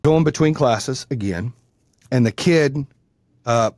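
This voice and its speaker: A man's voice: mid-range voice, slow, no echo, clean studio sound. A man hosting a podcast, telling stories in casual, profane chat and acting out the people he quotes. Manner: profane, animated, acts out quoted voices. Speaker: podcast host. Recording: loud background noise.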